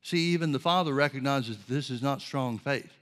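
With a medium-pitched, fairly bright voice, a man preaches, teaching in a careful, heartfelt manner and raising rhetorical questions.

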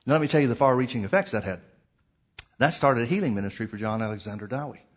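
A man's voice: medium pitch, fast talker. Man preaching a dramatic story. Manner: dramatic, swings between loud outbursts and hushed quiet. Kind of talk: storytelling sermon.

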